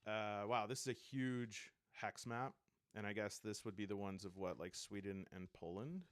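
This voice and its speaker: A man's voice: lowish voice, gravelly, no echo, studio quality. A man casually flipping through and reviewing a tabletop game book, rambling and thinking aloud with enthusiasm.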